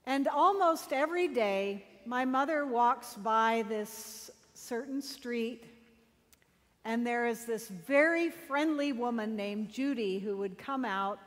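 Woman preacher, sermon, slow and measured, dramatic pauses, reverberant church. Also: sits high, a bit bright. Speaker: pastor.

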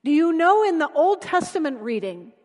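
A woman preacher tells stories in a sermon, earnest and often dropping soft for emphasis. Her voice sits high. A long reverb fills the church around her. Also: very animated, normal speed. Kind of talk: sermon with storytelling.

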